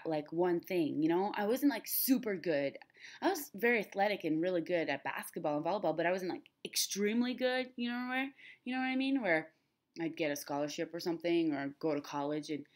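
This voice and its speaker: A young adult woman talking candidly and emotionally to her camera in a personal vlog, rambling from thought to thought. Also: medium pitch. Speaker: vlogger.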